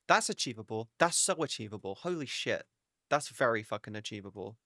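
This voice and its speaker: A man's voice: fairly low pitch, lively intonation, a little fast, fairly bright tone, no room sound, clean studio sound. A man chatting casually on a live stream, rambling and swearing freely as he talks to his viewers.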